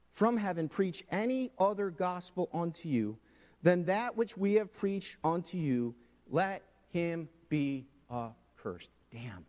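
A man preaching a sermon, swinging from hushed asides to loud, emphatic proclamation. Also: on the high side, long reverb tail. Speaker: pastor.

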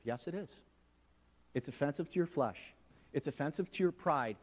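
A man preaching a sermon, swinging from hushed asides to loud, emphatic proclamation. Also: a little high, expressive, moderate pace, big-room sound. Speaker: pastor.

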